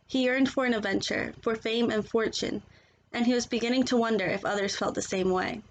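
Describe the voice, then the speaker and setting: A woman reading a children's picture book aloud in a gentle, expressive storytelling manner. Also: a little high, brisk, poor audio.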